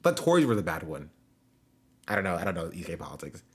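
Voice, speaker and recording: A man's voice: deep voice, sing-song, fast. A young man chatting casually with his live-stream audience, joking and loose, full of slang and fillers. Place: home.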